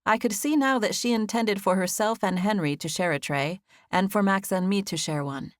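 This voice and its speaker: A woman narrating a contemporary first-person novel as an audiobook, with a gentle storytelling manner. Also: medium pitch, normal speed, dry recording, clean studio sound.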